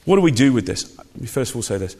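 A man's voice: medium pitch, sing-song, fast, darkish tone, husky. A man preaching a sermon, emphatic and conversational, with frequent rhetorical questions. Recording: long hall reverb.

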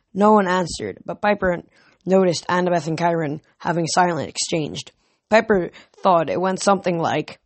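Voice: medium pitch, animated, moderate pace, dry recording. A reader narrating an audiobook in a plain way, with small slips and self-corrections.

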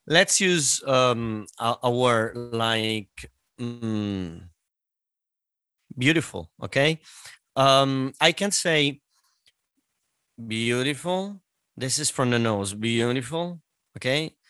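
A man with an Italian accent, a singer and voice teacher, explaining things in a casual podcast chat, pausing often with fillers. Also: mid-range voice, expressive, sharp tone, clear, resonant tone, no echo. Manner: explanatory, hesitant with many fillers.

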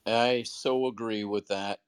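A man hosting a live audio chat room, effusive and quick to praise and laugh. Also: lowish voice, steady tone, smooth, no room sound. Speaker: room host.

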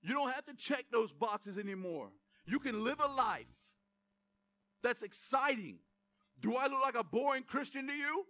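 Fired-up high-voiced preacher man. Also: lively intonation, moderate pace, pushed and bright. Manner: fired-up, addresses congregation directly, emphatic repetition. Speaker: pastor. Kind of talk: energetic sermon. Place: church sanctuary.

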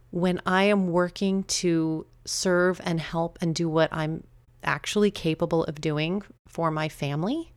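A middle-aged woman hosting her own podcast, talking casually and chattily with quick asides and laughs at herself. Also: low voice, dry recording. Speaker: podcast host. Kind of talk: casual solo podcast talk.

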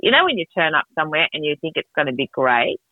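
A middle-aged woman, telling stories in a casual podcast chat, animated and quick to laugh. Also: no room sound. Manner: animated, laughing, jumps between pitches. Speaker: podcast co-host. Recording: tinny phone-like dry sound.

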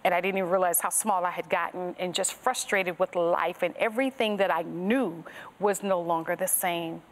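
A woman's voice: on the low side, steady tone, normal speed. A woman guest on a podcast interview, sharing her personal faith testimony in an earnest storytelling manner that strings thoughts together with "and so".

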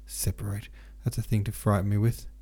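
A man's voice: on the low side, little pitch movement, a little fast, breathy edge. A man voicing a haughty, contemptuous noblewoman who speaks scornfully to her husband in a storybook reading. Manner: scornful, sharp-tongued.

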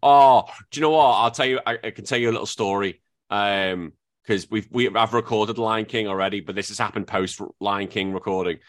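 Animated podcast host, man. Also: brisk, dry recording, studio quality. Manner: animated, jumps into high-pitched impressions. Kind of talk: casual chat.

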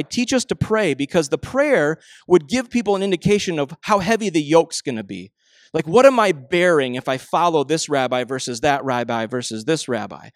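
Conversational pastor, bright tone. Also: male voice, a little high, no echo. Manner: conversational storytelling, animated impressions of family; slows and softens for emphasis. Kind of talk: sermon.

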